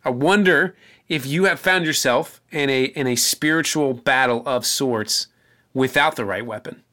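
A young male pastor with a bright, forward voice gives a sermon in a relaxed, conversational way. He tells a story with small restarts before he reads scripture aloud at an even, middle pitch. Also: unhurried.

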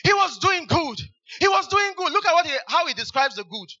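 High, bright fervent male preacher. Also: sing-song, brisk, dull audio. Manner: exclamatory, repeats hallelujah, fervent. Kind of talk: sermon.

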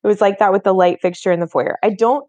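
A woman's voice: medium pitch, quick pace, dark tone, dry recording. Chatty thirties woman podcast co-host. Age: 30s. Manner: chatty, lots of "like" fillers. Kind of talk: casual chat.

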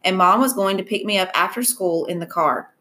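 A woman reading a novel aloud in a steady, even narration. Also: mid-range voice, fairly quick, a little hiss or hum. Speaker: reader.

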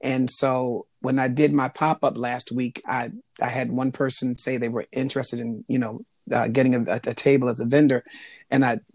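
A man with a mid-range voice is interviewed about his craft. He talks in a halting, considered way, often stopping to think before going on. The recording is dry and close. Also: medium pitch, flat delivery, darkish tone, dry recording. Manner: thoughtful, halting with frequent ums. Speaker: interview guest, jewelry maker. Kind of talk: conversational interview.

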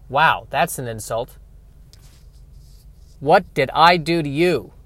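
A man's voice: on the high side, slow pace, a bit bright, dry recording. A man voicing an impala antelope, offended that a car was named after it, in an incredulous, hurt tone close to his own voice. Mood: insulted.

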